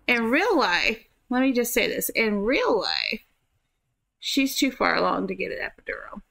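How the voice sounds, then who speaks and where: A woman's voice: a little high, wildly swooping pitch, normal speed, vocal fry, fairly bright tone, poor audio. A woman giving casual, chatty commentary while playing a life-simulation game, full of fillers and giggles. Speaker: gaming youtuber.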